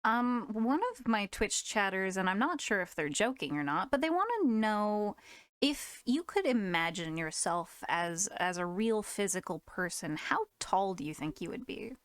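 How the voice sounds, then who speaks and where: A woman's voice: medium pitch, very animated, unhurried, clear, resonant tone, no echo. A woman streaming live, chatting casually, laughing often and restarting her sentences.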